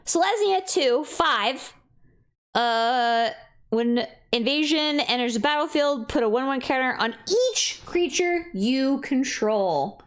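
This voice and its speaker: Excitable high-voiced woman streamer. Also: slow pace. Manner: excitable, reads card text aloud, laughs often. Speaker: streamer reviewing cards. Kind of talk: casual live-stream chat.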